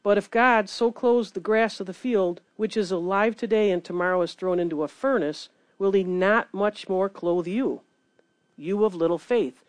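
A woman preaching a sermon in an earnest, animated way, reading scripture between her points. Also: medium pitch, normal speed, no echo.

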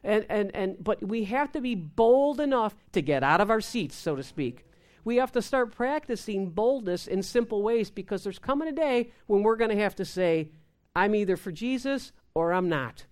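A woman's voice: medium pitch, animated, moderate pace, darkish tone. A woman giving an informal sermon, often repeating words and acting out quoted prayers. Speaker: preacher.

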